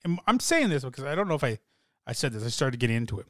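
Young guy rambling excitedly, lots of ums and restarts, dry close sound. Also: medium pitch, racing, dry recording. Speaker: soccer fan podcaster. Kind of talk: casual chat.

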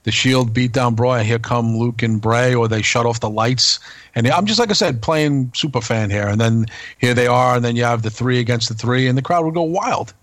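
A man's voice: medium pitch, normal speed, a bit bright, dry recording. A man co-hosting a casual wrestling podcast, rambling and asking his partner many questions. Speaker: co-host.

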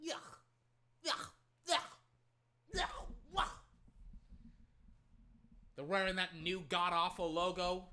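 Speaking into his own microphone, this fan calls the game in a casual play-by-play style. His voice sits in the mid range, and he's excitable, readily ranting and cursing at the players and the refs.

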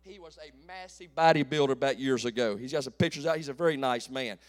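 A pastor in his late forties preaching a folksy call-and-response sermon that builds to shouts. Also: mid-range voice, fast. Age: 40s.

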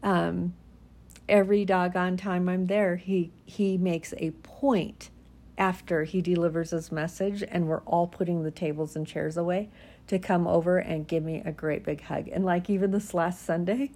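A woman's voice: fairly low pitch, steady tone, normal speed, a little mellow. A middle-aged woman talking candidly to her viewers in a folksy, emphatic way, laughing often as she tells personal stories. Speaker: vlogger.

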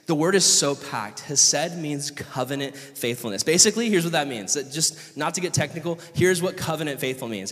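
A man's voice: high voice, a bit bright. Man preaching passionately in a reverberant hall. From California. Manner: passionate, conversational preaching with audience questions. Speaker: pastor. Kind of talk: sermon.

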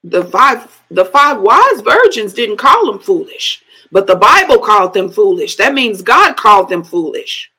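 A woman's voice: mid-range voice, very animated, unhurried, few pauses, bright, forceful tone, breathy edge, low-quality recording. A middle-aged woman preaching a sermon, breaking into speaking in tongues and laughing between phrases.

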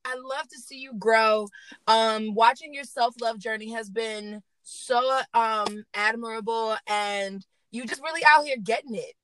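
A woman hosting a casual podcast interview, lively and slangy, laughing often. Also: fairly high pitch, measured pace, no room sound, poor audio. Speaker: podcast host and baker.

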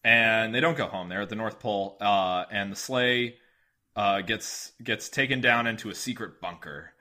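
A man's voice: fairly low pitch, normal speed, pushed and bright. A man, a podcast guest, chatting casually and rambling through a movie recap with acted-out lines. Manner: rambling, storytelling, acts out lines.

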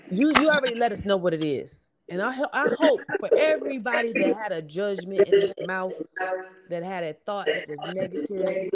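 A woman hosting a podcast from her home, gushing with praise and close to tears, repeating herself as she talks. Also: medium pitch. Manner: effusive, repeats herself, Southern-style "y'all" talk. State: holding back tears. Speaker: podcast host. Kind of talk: casual chat, emotional praise. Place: home studio.

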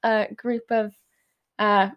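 A woman's voice: medium pitch, little pitch movement, slow, clear, resonant tone, muffled recording. Woman on a chatty podcast, medium voice, lots of ums and giggles. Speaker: podcast co-host. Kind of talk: casual chat.

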